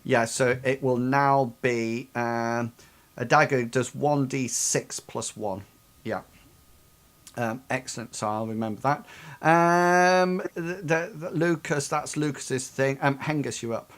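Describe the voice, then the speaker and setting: A man running a tabletop game as game master, describing combat with many pauses and restarts. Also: mid-range voice. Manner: hesitant, full of ums and restarts.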